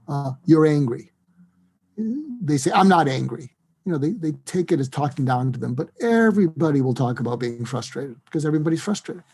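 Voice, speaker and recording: A man, a psychiatrist, giving advice in an interview, acting out lively example dialogues. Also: a little high. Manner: animated, acts out dialogue in quoted voices. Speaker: psychiatrist and guest.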